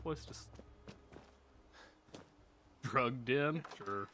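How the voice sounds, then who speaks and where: A man's voice: medium pitch, drawn-out words, sharp tone, a little hiss or hum. A man live-streaming a video game, chatting casually, swearing freely and laughing as he tells rambling stories. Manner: profane, rambling, laughs while telling stories.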